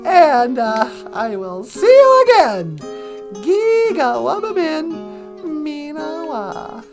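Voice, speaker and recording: A woman's voice: high voice, big pitch swings, extremely slow, over music. A woman co-hosting a casual, playful podcast, goofing around and making beeping computer noises. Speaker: podcast co-host.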